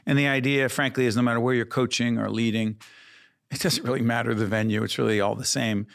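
Male show host, playful banter, mid pitch, easygoing. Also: fairly even intonation, fast, vocal fry, a bit bright. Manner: bantering, teasing. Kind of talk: studio talk show banter.

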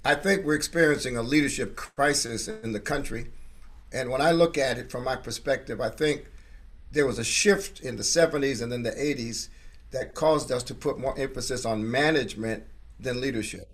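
A man, a senior pastor, answering interview questions in a measured way that builds through repetition. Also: mid-range voice. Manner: measured, repetitive rhetorical emphasis. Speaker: pastor, guest.

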